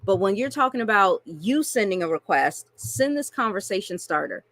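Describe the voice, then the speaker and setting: A woman's voice: medium pitch, very animated, moderate pace, a bit bright. A woman coaching online marketers through a screen-share tutorial, chatty and casual, often checking in with "right?" and "okay?".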